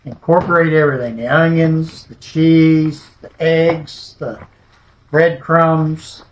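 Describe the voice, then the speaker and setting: Slow, folksy man cooking in a kitchen. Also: a little high, steady tone, slight background noise. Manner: folksy, chatty, talks straight to the viewer. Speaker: home cooking show host. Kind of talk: casual cooking demonstration. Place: home kitchen. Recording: echoey room.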